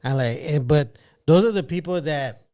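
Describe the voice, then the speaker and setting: A man's voice: a little high, moderate pace, dark tone. A man in casual chat, laying out an argument point by point.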